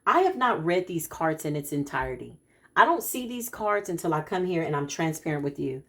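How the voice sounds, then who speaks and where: Brief: lower-voiced woman, spiritual card reader, emphatic and animated, repeats herself for emphasis. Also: brisk. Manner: animated, emphatic, preacher-like repetition. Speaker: spiritual practitioner giving a card reading. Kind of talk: spiritual talk to followers.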